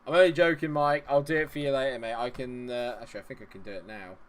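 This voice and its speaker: A man's voice: mid-range voice, fairly even intonation, quick pace. Jokey streamer chatting with his viewers. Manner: chatty, jokey, laughs often, talks to chat. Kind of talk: live-stream chat with viewers.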